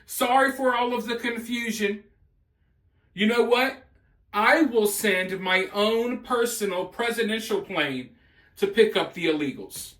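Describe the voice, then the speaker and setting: A man's voice: high-pitched, a little slow, a bit bright, echoey room, distant mic. A man voicing a sheepish, groveling foreign male president in a mocking impression.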